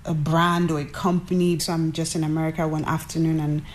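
A woman from Nigeria, a record executive, telling a story in an interview in an animated, chatty way with many fillers and quoted asides. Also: low-pitched, fairly quick, slight background noise.

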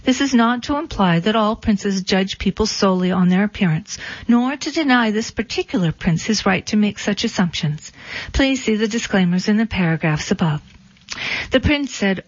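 A woman reading a scripted satirical fairy tale in a dry, deadpan manner, on a dull lo-fi recording. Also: medium pitch, normal speed, no echo. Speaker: storyteller. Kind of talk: scripted story narration.

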